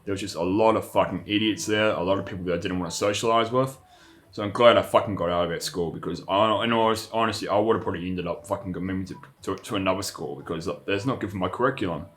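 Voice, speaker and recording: A man's voice: low voice, fast talker, fairly bright tone. A young man, rambling through a profane, casual vlog monologue full of restarts. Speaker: vlogger.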